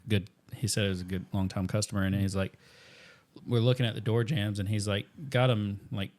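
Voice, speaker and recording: A man, a repeat guest on a podcast, telling a story in casual, animated chat. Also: on the low side, fairly quick.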